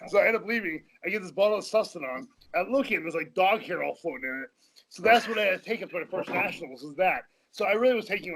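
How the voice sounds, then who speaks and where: A man's voice: a little high, fairly bright tone, rough recording. A man telling rambling, profane stories as a guest in a casual interview, often laughing mid-sentence. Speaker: podcast guest.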